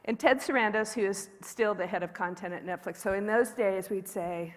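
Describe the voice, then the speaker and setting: A woman speaks from a conference stage in a candid, joking, conversational way, giving a keynote at a middle pitch. Her voice carries a long reverb tail from the big hall around her. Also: normal speed.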